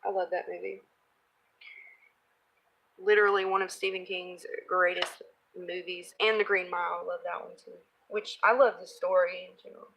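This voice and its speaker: A woman in her thirties casually chatting while she crafts, rambling off on tangents, laughing at herself and clearing her throat. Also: medium pitch, little pitch movement, moderate pace, a bit bright, low-quality recording. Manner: rambling, self-deprecating, laughs often. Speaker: craft video host.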